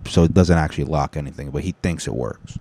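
A man's voice: a bass voice, fast, warm tone. A man hosting a podcast in casual, rambling, profane chat full of jokes. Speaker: podcast host.

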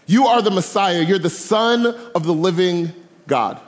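A man voicing a loud, rambunctious young fisherman disciple, talking brash and slangy in a sermon retelling. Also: high voice, measured pace. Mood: earnest. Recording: long hall reverb.

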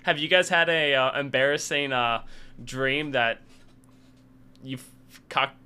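A man's voice: medium pitch, takes it slowly, bright, forceful tone, clean tone. A young adult man hosting a podcast, telling crude stories in a rambling way with many fillers. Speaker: podcast host. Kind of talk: casual podcast chat.

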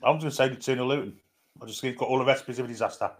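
A man's voice: mid-range voice, racing. A man on a fan podcast panel in casual chat, blunt and matter-of-fact.

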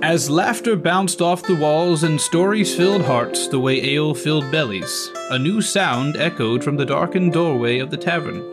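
A man's voice: fairly high pitch, normal speed, few pauses. A man giving a scripted dramatic narration of a fantasy adventure intro. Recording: music behind the voice. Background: guitar music.

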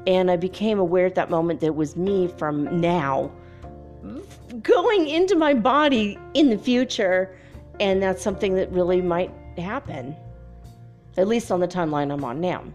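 A woman's voice: moderate pace, mellow, muffled recording, soft background music. A young woman telling a story in a casual monologue, dreamy and full of "like" fillers. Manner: dreamy, many "like" fillers, quotes others in a higher voice. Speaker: spiritual vlogger.

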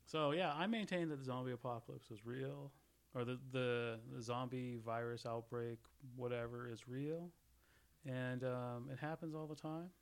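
A man's voice: mid-range voice, steady tone, moderate pace, clean tone. A man in casual podcast chat, rambling through jokey theories with frequent laughs and restarts.

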